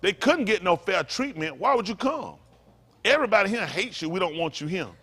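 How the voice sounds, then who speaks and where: A man's voice: high voice, lively intonation, fairly quick, sharp tone, slightly rough. A man preaching to a congregation in a fiery, emphatic way, repeating his points and throwing in mocking asides. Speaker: pastor.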